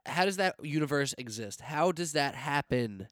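A man co-hosting a sports podcast, talking casually and incredulously, quick to laugh. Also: a little high, animated, a bit bright, no echo, clean studio sound. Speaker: podcast co-host.

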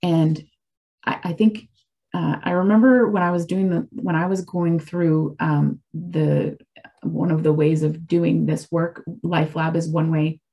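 A woman's voice: deep voice, level tone, measured pace, mellow, husky. A woman in her forties talking casually and candidly about her faith and recovery, reflective, with frequent fillers and restarts. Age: 40s. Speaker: speaker sharing a personal faith and recovery story.

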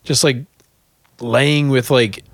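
A man's voice: mid-range voice, fairly even intonation, slow, dry recording. A young man co-hosting a podcast, laid-back and crude, laughing often, talking into a porch mic. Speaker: podcast co-host. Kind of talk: casual chat. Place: porch, outdoors. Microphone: two mics on a porch.

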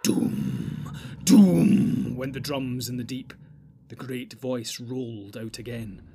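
A man narrating a fantasy audiobook in a steady, measured storytelling manner, with a husky voice. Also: medium pitch, a little hiss or hum.

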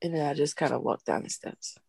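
A woman co-hosting a casual chat, an animated storyteller who acts out quotes. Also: sits low, a little fast, creaky, breathy edge, dry recording.

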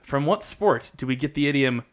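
A man's voice: medium pitch, lively intonation, normal speed, slight background noise. A man hosting a quiz, joking with puns and explaining each answer in an easygoing way. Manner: playful, punning, explains answers at length. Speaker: quiz host. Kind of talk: casual quiz banter.

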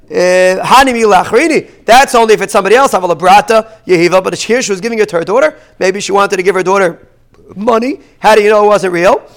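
A man gives a daily Talmud class, reading the Aramaic text and unpacking it in English. His voice sits high and sounds clean and resonant. He keeps it lively with rhetorical questions. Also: clean tone. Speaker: Talmud teacher.

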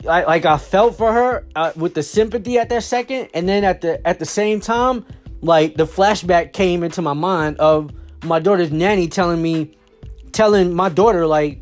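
A man's voice: sits high, moderate pace, soft background music. Rambling man telling a story. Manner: rambling, many fillers and restarts. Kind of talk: casual storytelling.

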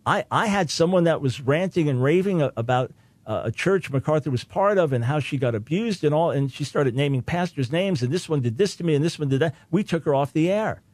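A man hosting a talk radio show, speaking in a fairly high register with an insistent, emphatic delivery. He hammers his points home through repetition. The recording is dry and close, with no room echo. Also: lively intonation, a little fast, a little mellow.

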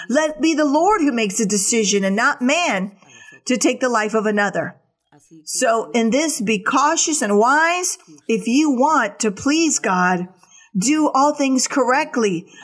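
Slow high-voiced woman preaching. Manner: slow, earnest exhortation with repeated short commands. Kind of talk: sermon.

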